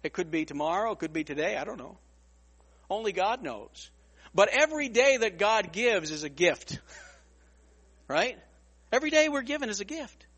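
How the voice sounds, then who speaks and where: Animated high-voiced male preacher. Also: moderate pace, long pauses, long reverb tail. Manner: animated, repeats words, acts out other people's lines. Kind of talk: storytelling sermon.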